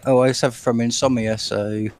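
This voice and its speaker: A man with an English accent joining a live stream by video call, speaking in a hesitant, low-key way. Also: steady tone, normal speed, darkish tone, a little hiss or hum. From England. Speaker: guest caller.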